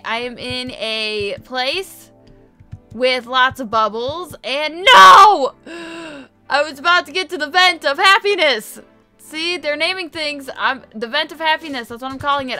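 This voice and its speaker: A woman giving casual gameplay commentary, chatty and excitable, quick to gasp and exclaim. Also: high voice, faint music behind. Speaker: gamer, video host.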